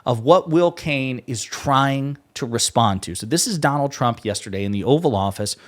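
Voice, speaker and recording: A man hosting a political commentary video, talking in a mocking, animated way and mimicking the people he criticizes. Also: mid-range voice, normal speed.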